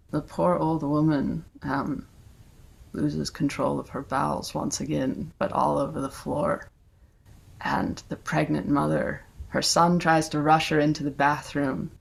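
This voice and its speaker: A woman giving a gentle, soft-spoken Zen dharma talk, often sinking to a near whisper. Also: low voice, vocal fry, breathy edge. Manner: gentle and reflective, with fillers. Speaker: guest dharma talk host.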